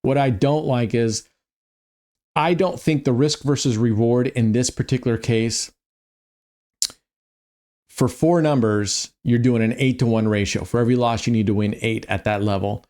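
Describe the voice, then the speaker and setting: A man with a mid-range voice talks casually through roulette bets, thinking out loud. He sounds tired and yawning, and his chat is full of small ums and restarts as he works things out. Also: mid-range voice, moderate pace. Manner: chatty, thinks aloud, frequent um and restarts. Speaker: online roulette streamer. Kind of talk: casual walkthrough of betting strategies.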